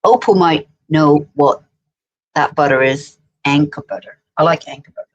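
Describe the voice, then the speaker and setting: A woman with a somewhat low voice co-hosts a casual livestream. She talks playfully and drifts into anecdotes, teasing her co-host along the way. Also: moderate pace, highs cut off. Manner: playful, chatty, tells anecdotes.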